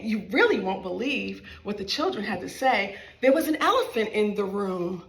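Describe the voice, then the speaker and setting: A woman's voice: mid-range voice, lively intonation, moderate pace, few pauses, reverberant. A woman reading her own picture book aloud to small children in a library, playful and sing-song, talking straight to her young listeners.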